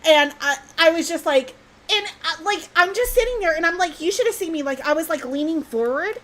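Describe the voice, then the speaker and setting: High-voiced excitable woman telling a scary story. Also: fairly quick, rough recording. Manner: animated, excitable, swears mildly. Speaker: podcast host. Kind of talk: casual storytelling.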